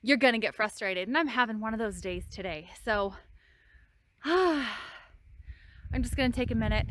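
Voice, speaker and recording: A woman's voice: mid-range voice, fairly bright tone, a little hiss or hum. A woman on her farm, venting frustration in a casual vlog while out of breath from hard work outdoors. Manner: exasperated, venting. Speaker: farm vlogger.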